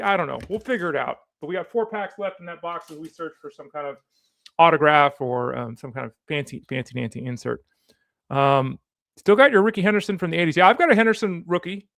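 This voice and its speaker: A man's voice: on the high side, vocal fry, fairly bright tone, no echo, studio quality. A man hosting a sports show, chatting casually while opening card packs, rambling and easily sidetracked. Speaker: sports podcast host.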